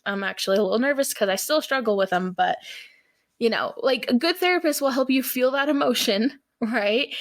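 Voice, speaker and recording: Female podcast co-host, fairly high voice, chatty storyteller who acts out quotes. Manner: chatty, retells scenes acting out quotes. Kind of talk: casual chat.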